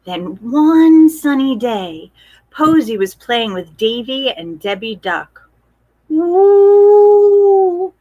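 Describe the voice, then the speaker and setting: A woman reading a picture book aloud to children, gentle and expressive, asking the children questions. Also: on the high side, takes it slowly, muffled recording. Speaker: storytime reader.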